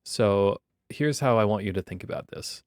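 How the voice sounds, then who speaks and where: A man's voice: on the low side, normal speed, a little mellow, no echo, clean studio sound. A man giving a recorded engineering lecture, explaining in a wry, conversational way. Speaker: university lecturer.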